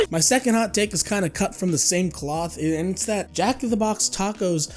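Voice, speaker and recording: High-voiced sarcastic young man. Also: brisk, hardly any pauses, soft background music. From South Texas. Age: young adult. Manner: sarcastic, exaggerated, mocking put-on voices. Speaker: YouTuber. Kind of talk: comedic vlog monologue. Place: on his bed at home.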